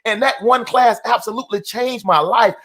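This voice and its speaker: A man's voice: very high voice, moderate pace, a bit bright. A middle-aged man giving a motivational talk in an emphatic, repetitive, preacher-like cadence. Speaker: motivational speaker.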